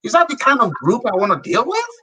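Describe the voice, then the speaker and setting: A man's voice: extremely high pitch, wildly swooping pitch, fast talker, pushed and bright, husky, recorded from a distance, rough recording. A middle-aged man from Nigeria with a Nigerian accent, a guest in an interview, telling his story in a blunt, emphatic way. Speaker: guest, businessman. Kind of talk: interview conversation.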